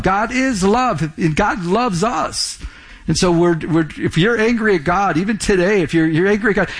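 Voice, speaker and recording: A middle-aged male pastor giving a conversational sermon and often restarting his sentences. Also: high-pitched. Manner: conversational preaching with frequent restarts and stammered repeats.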